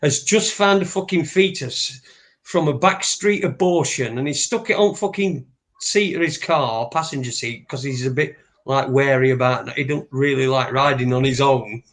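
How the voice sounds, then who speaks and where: A man's voice: mid-range voice, moderate pace, a bit bright. A man, co-hosting a casual chat and telling rambling, sweary stories. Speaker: podcast co-host.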